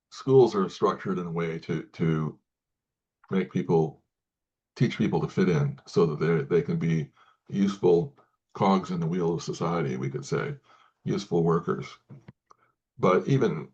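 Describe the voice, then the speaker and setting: A man speaking as an interview guest, talking in halting sentences with many restarts and repeated words. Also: low-pitched, a little mellow, muffled recording. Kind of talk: casual interview talk.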